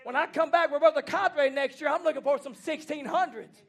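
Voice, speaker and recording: A man preaching a fiery revival sermon, shouting in rhythmic repeated phrases and calling out to the congregation. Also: very high voice, brisk, vocal fry. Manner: shouting, rhythmic repetition, call-and-response exhortation. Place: church banquet hall.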